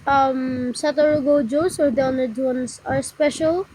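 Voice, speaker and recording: A woman giving casual game commentary, talking through moves in a rambling, halting way and often stopping to apologize. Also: high-pitched, steady tone, a little mellow, slight background noise, poor audio. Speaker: gameplay tutorial narrator.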